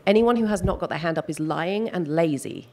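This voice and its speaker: Low-voiced woman, slightly hoarse. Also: brisk, a little mellow. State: losing her voice. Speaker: panel expert. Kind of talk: panel Q&A answer. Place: large hall at a business event.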